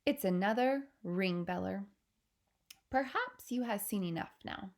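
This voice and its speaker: A woman voicing a kindly old male giant who speaks slowly with broken grammar. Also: medium pitch, animated.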